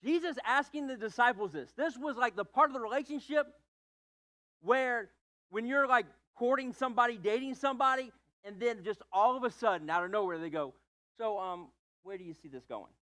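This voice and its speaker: High-voiced joking male preacher. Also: brisk, bright, forceful tone. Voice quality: playful, joking asides, fillers. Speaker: pastor. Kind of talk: humorous conversational sermon.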